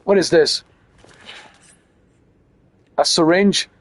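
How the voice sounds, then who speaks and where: A man's voice: a little high, drawn-out words, no echo. A man giving casual let's-play commentary, crude and mocking, repeating his jokes. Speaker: gaming channel host.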